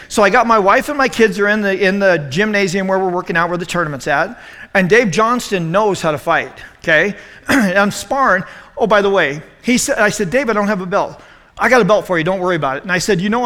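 A youth pastor in his forties telling an animated story in a youth sermon, acting out quotes with self-deprecating humor. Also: high voice. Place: church youth room. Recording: long hall reverb.

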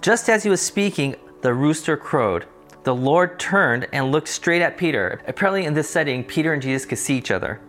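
A man's voice: a little high, expressive, fairly quick, a bit bright, soft background music. A man teaching a Bible study lesson, reading the passage and then explaining it in a conversational way. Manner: conversational, explains context in plain terms.

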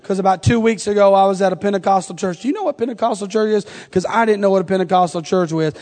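High-voiced male preacher in a reverberant church. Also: fast talker, a little mellow. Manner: conversational storytelling with humorous asides. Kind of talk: sermon. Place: church sanctuary. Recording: long hall reverb.

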